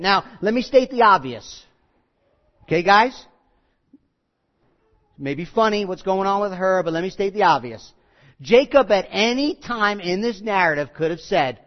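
A man's voice: sits high, animated, measured pace, pauses often. A male pastor preaching a sermon in a folksy, joking way that turns earnest and emphatic. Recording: slightly muffled recording.

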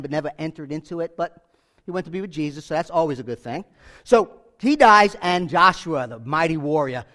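Animated male preacher with a high voice, casual sermon delivery, acts out bits of dialogue. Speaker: pastor.

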